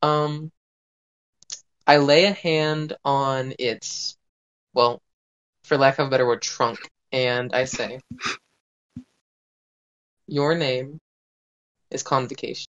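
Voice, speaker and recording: A tabletop game player who describes their actions hesitantly and often pauses to search for words. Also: mid-range voice, fairly even intonation, a bit bright, clean tone, lo-fi sound.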